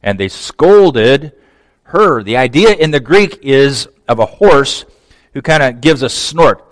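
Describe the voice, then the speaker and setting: A man preaching a conversational sermon, swinging from emphatic to hushed. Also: medium pitch, very animated, slow pace, no echo, in a large hall. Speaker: pastor.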